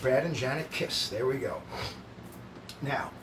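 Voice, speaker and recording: A man hosting a live show, reading a stage script aloud with relaxed, offhand asides. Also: mid-range voice, unhurried, noisy background. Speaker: host reading a musical's script. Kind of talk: casual script read-aloud. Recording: echoey room, distant mic, guitar.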